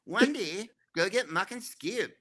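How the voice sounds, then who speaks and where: A man doing cheery Bob the Builder, bright and chirpy. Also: sits high, lively intonation, measured pace, voice pushed up. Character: cheery male cartoon builder, upbeat and friendly.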